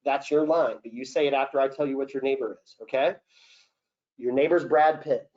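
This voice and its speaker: Animated casting director man coaching actors. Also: medium pitch, fairly quick. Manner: animated, coaching, acts out example lines. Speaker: casting director leading an acting Q&A. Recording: dull lo-fi session recording.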